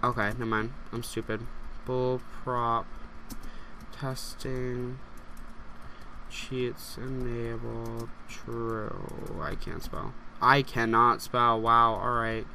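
A young man giving casual let's play commentary, excitable and gasping as he reacts and talks to his viewers. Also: medium pitch, slow pace, creaky, a little hiss or hum. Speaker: gameplay commentator.

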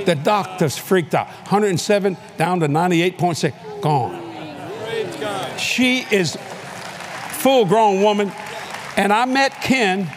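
A man's voice: high voice, a little slow, long pauses, background noise. An older man preaching, telling a story with acted-out voices, hollers and laughs. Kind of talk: animated storytelling sermon. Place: large convention hall.

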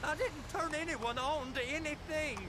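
A man's voice: extremely high pitch, moderate pace. An actor playing a nervous, put-upon man dragged into a robbery, stammering and defensive in video game dialogue. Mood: flustered. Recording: game audio with steady noise.

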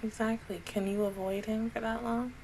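A woman's voice: fairly high pitch, little pitch movement, normal speed, a little mellow, a little hiss or hum. A woman doing an anime reaction video, emotional and exclamatory, swearing freely as she talks.

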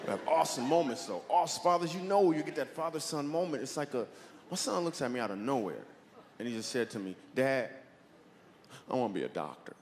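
A man doing stand-up comedy about fatherhood, telling his stories in an animated, playful way. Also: a little high, fast. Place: large theater stage with live audience. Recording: reverberant hall, audience noise.

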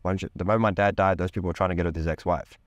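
A man's voice: sits low, fairly even intonation, racing, no room sound. A man speaking as a podcast guest, telling a candid personal story with intense emphasis, casual slang and swearing.

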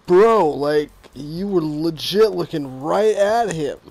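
A man in his thirties commentating his own football video game, swinging from muttered asides to loud, exasperated, swearing outbursts. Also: a little high, expressive, takes it slowly, creaky, no room sound, soft background music. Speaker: gaming YouTuber playing a football video game. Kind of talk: casual live gameplay commentary.

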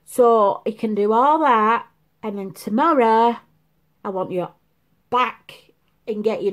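Slow-talking woman in her fifties. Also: fairly high pitch. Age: 50s. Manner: rambling, confiding, chatty. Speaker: make-up vlogger. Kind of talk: casual chat. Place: at home, seated.

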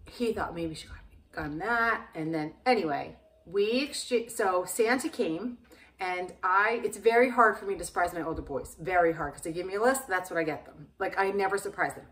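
A woman's voice: on the low side, fairly bright tone, far from the mic. A woman in her forties co-hosting a casual home chat show, telling family stories and acting out what people said. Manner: chatty storyteller, acts out quotes. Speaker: podcast co-host. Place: home living room.

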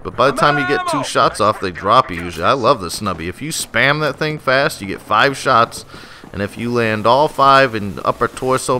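A man doing live gameplay commentary on his channel, joking and swearing, on a desktop microphone. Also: fairly low pitch. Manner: profane, joking, animated. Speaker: gaming channel host. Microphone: desktop USB microphone. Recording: noisy, game sounds behind. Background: shooter game sounds, vehicles.

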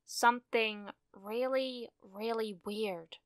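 A woman's voice: medium pitch, a little slow, bright, forceful tone, no echo. A woman voicing a nervous young hero girl who speaks hesitantly and trails off, in a fan fiction audiobook. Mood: hushed.

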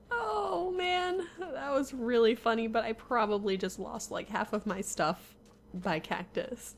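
A woman's voice: a little high, slow pace, slight background noise. Exasperated young woman narrating gameplay. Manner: exasperated, talks to herself, laughs often. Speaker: gamer. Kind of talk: Minecraft gameplay commentary.

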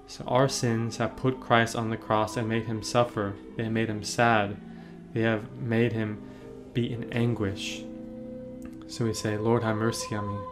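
A man, a priest, leading a catechism meditation on a painting, gently asking the listener questions and answering them. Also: on the low side, level tone, measured pace, music in the background.

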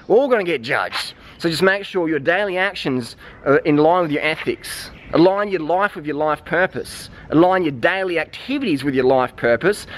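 High-voiced man in a profane rant. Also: a little hiss or hum. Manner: blunt, profane, preachy. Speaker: vlogger. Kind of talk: ranting vlog monologue.

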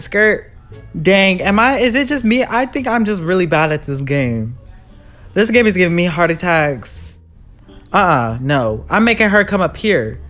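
The voice sits mid-range with a fairly bright tone. Playing a horror game live, this gamer startles easily, shrieks in fear, repeats exclamations, and sasses the villain.

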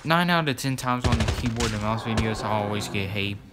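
A man's voice: on the low side, lively intonation, fairly quick, heavy background noise. A man giving casual, rambling gameplay commentary as a gaming YouTuber, repeating words and filling gaps as he goes. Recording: loud gameplay gunfire underneath. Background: loud game gunfire.

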